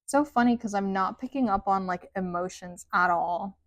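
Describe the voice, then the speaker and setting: A woman's voice: mid-range voice, normal speed, no room sound, studio quality. A woman giving a casual tarot card reading, chatty and rambling, with sing-song sentence endings. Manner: chatty, rambling, says "like" often. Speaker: tarot reader.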